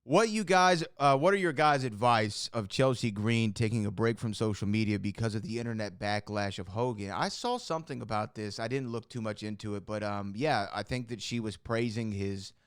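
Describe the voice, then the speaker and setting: A young man hosting a casual podcast chat, telling stories in a chatty, animated way and reading out viewer questions. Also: on the low side, moderate pace, hardly any pauses, clean tone, no room sound, clean studio sound. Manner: chatty, animated storytelling with frequent laughs and fillers. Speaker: podcast host.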